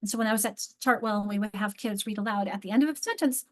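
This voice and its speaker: A woman leading an online teacher training, chatting through her slides with frequent restarts and slow read-aloud examples. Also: mid-range voice. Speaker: literacy trainer.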